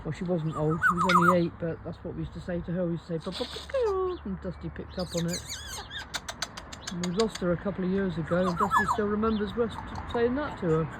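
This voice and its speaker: A parrot owner and vlogger talks casually to her pet parrots out in a garden, coaxing them in a sing-song pet-talk way. Her voice sits on the low side and moves quickly with few pauses, while loud birdsong and traffic fill the background.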